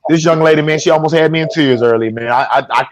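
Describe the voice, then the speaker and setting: A man's voice: fairly high pitch, fast. A man hosting a talk show, speaking casually and emotionally, often stumbling and repeating his words. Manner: repeats words, stammers when upset.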